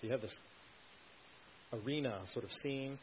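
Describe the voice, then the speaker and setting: A man's voice: medium pitch, unhurried. A man preaching an expository sermon, explaining a passage with earnest emphasis. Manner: earnest, explanatory, builds emphasis on key points. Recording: slightly dull recording with faint hiss.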